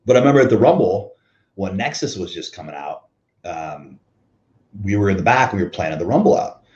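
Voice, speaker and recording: A man in his thirties tells a backstage story in a loose, casual way, with plenty of fillers and swearing. His voice sits a little low. The recording sounds muffled and lo-fi. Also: lively intonation, brisk, darkish tone, echoey room. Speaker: former pro wrestler guest. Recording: dull lo-fi recording.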